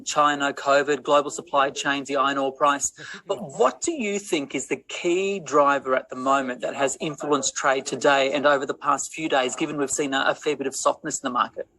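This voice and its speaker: A man presenting business news and asking guests clear, orderly questions. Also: mid-range voice, bright, forceful tone, poor audio.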